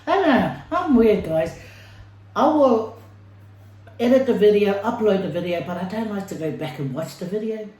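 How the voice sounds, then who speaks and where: A woman's voice: medium pitch, animated, moderate pace, mellow. A woman vlogger chatting casually to her viewers while eating, playful and talkative. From Samoa. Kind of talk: casual mukbang chat. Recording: echoey room.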